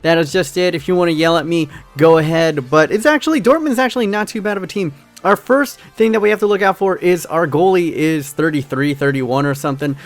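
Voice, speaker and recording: Over faint background music, a young American gaming YouTuber speaks briskly in a fairly high voice. He offers upbeat, jokey, casual commentary on his football video game for his viewers.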